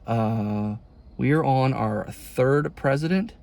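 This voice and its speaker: A man's voice: mid-range voice, takes it slowly, vocal fry, darkish tone. A young man, a college student, rambling in a casual confession vlog, exasperated and full of folksy turns of phrase.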